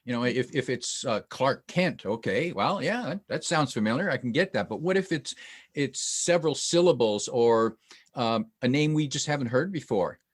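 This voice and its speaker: A man's voice: mid-range voice, lively intonation, normal speed, breathy edge. Male podcast host, conversational and easygoing. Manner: conversational, with small restarts and light laughs. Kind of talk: podcast interview.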